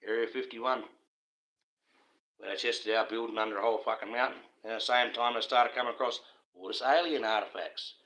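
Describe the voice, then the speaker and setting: A man's voice: medium pitch, a little fast, bright, forceful tone, poor audio. An Australian man ranting on a live stream in a casual, profane, conspiratorial monologue, often breaking into laughter.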